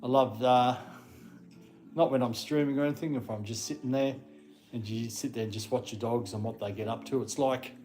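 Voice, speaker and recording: A man's voice: mid-range voice, steady tone, fairly quick, darkish tone. A man live streaming, chatting casually and rambling, breaking off now and then to scold his dogs. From Australia. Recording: music playing in the background.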